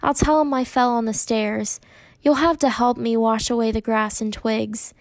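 A woman voicing a gentle mother who stays calm and reassuring, speaking softly and steadily in a storybook reading. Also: fairly high pitch, normal speed, dry recording, natural voice. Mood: soothing. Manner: soft, steady, self-deprecating.

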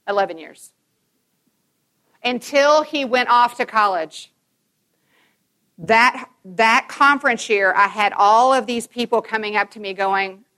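Bright-voiced woman speaker, emphatic storyteller. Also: mid-range voice. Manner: emphatic and animated, acting out dialogue. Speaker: conference speaker to mothers. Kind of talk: Christian conference talk, personal storytelling.

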